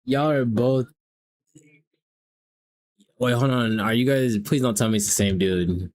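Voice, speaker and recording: A man's voice: medium pitch, unhurried, darkish tone. A young man from the South, hosting a live stream and teasing strangers in casual, profane chat. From American South. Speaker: livestream host.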